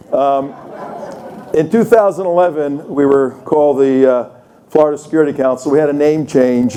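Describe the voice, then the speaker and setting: A man's voice: on the high side, dark tone, slight background noise. An older man giving a conversational talk at a conference, telling anecdotes and acting out the people in them. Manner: conversational, tells anecdotes with voiced quotes. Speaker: conference speaker. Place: conference room.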